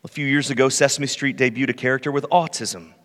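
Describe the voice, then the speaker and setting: A pastor delivering a sermon in a church, telling stories earnestly and dropping to quiet, hushed passages. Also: male voice, mid-range voice, fairly even intonation, fast talker. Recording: long reverb of a church hall.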